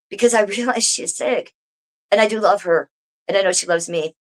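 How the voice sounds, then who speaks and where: A woman's voice: a little high, normal speed, long pauses. A woman live streaming from home, talking straight to her viewers in a casual, swearing rant. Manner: swearing, animated, talks to viewers directly.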